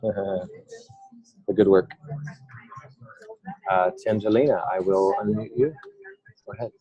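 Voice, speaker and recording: A man facilitating a group video call, talking in a calm, reflective way with many pauses and fillers. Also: lowish voice, muffled recording.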